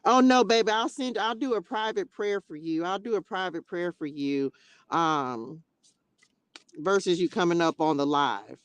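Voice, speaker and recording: A woman's voice: fairly low pitch, moderate pace, smooth. A woman hosting a casual livestream, talking expressively to viewers, calling them baby and child, into a tablet mic. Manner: chatty and expressive, calls viewers baby and child, bursts of laughter. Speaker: livestream host.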